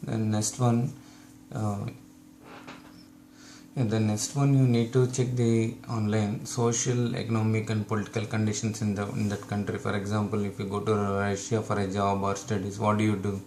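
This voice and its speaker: A man's voice: lowish voice, level tone, moderate pace, darkish tone, slight background noise. A man from India with an Indian English accent, giving advice to his viewers in a hesitant way with many fillers and restarts. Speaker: YouTube channel host. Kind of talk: casual advice talk to camera.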